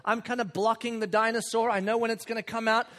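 A man, telling a lively story about his children and acting out voices with loud bursts. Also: very high-pitched, quick pace. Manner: animated, acts out kids and himself with loud bursts. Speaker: father and speaker. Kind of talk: storytelling talk.

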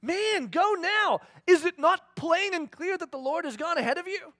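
A bold woman war leader barking orders, put on by a male preacher in a lively, rising voice. She is insistent and commanding, and the sound is dry and close. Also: high voice, normal speed, dry recording, exaggerated voice. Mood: urgent.

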